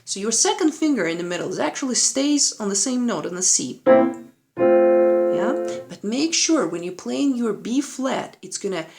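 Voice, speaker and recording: In a room with a piano, a woman teacher leads a play-along lesson, patiently explaining while a piano plays behind her. Her voice is a little high, expressive and creaky at a moderate pace; she counts and sings rhythms aloud as she demonstrates and often asks "right?".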